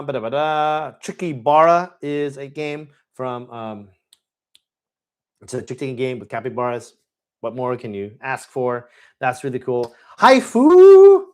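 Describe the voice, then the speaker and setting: Male live-stream host, excitable, casual rambling delivery, frequent fillers. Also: mid-range voice, measured pace, pauses often, smooth. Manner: enthusiastic, rambling with many fillers. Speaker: board game channel host. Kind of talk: live Q&A chat.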